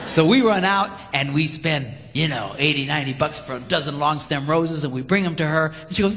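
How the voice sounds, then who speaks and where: A man with a high, very lively voice delivers a comedic seminar from the stage of a large hall. He talks in punchy bursts and shouts out sound effects. His voice rings with long reverb over a clear layer of background noise. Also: a little fast, few pauses. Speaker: marriage seminar speaker. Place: large hall before a live audience.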